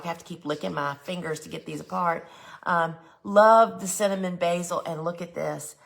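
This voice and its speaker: A woman's voice: lowish voice, gravelly. A woman, hosting a live flower gardening show, chatting casually and enthusiastically as she shows seed sets. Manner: chatty, enthusiastic, says "y'all" often. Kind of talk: casual live shopping chat.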